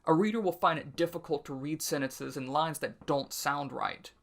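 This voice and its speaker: A library writing group instructor giving an instructional video talk, explaining clearly and reading example sentences slowly and dramatically. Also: mid-range voice. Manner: sounds out consonants and syllables aloud.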